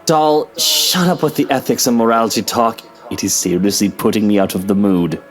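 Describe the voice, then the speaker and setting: A man's voice: lowish voice, fairly even intonation, normal speed, faint music behind, pitched below the performer's own voice, close to an everyday voice. A man voicing a drunk, haughty young man who orders others around with scorn. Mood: annoyed.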